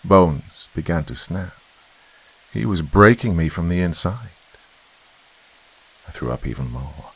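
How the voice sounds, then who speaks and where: A man reading a horror story as a podcast narrator in a slow, brooding way. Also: deep voice, expressive, creaky, fairly bright tone, breathy edge.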